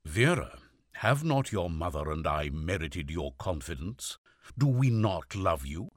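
A man voicing an older, heavy, stern priest in an audiobook reading, earnest and emphatic, his deep voice pushed louder. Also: very animated, a little slow, no room sound, studio quality, full character voice. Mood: earnest pleading. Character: stern older priest father, tall, heavy, harsh loud voice.

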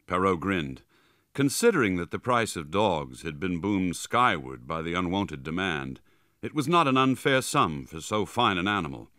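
A man's voice: low voice, big pitch swings, normal speed, sharp tone, dry recording, studio quality. A man giving a dramatic, vivid scripted narration of a story as an audiobook narrator.

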